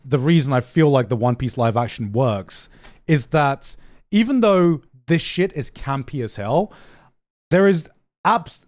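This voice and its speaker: A young man chatting casually on a live stream, excitable, swearing freely and often repeating himself as he reacts. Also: medium pitch. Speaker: streamer reacting to anime news.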